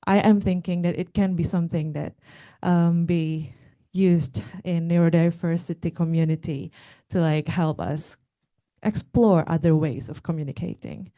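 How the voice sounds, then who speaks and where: A young woman gives a talk with slides, speaking haltingly with fillers and restarts. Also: lowish voice, steady tone, warm tone. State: out of breath. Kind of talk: conference talk.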